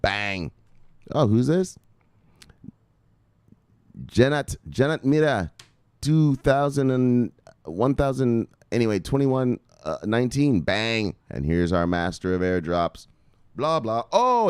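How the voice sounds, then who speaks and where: A middle-aged man hosting a casual crypto live stream, joking, swearing and calling out viewers' names with a loud "bang". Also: mid-range voice, sing-song, measured pace, clean tone, dry recording, clean studio sound. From United States. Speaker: crypto video host.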